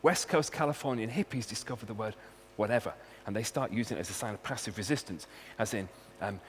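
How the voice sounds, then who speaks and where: A man's voice: fairly low pitch, fast talker, hardly any pauses. A man with a Welsh accent, a university researcher giving a humorous talk and hitting key words with punchy emphasis. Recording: long hall reverb, faint hum.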